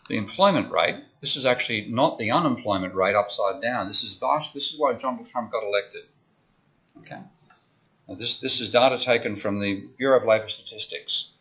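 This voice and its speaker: Bright-voiced man lecturing. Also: on the low side, a little fast. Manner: conversational, explains step by step with frequent "okay?". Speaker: economics lecturer. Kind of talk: university lecture. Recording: dull lo-fi lecture recording.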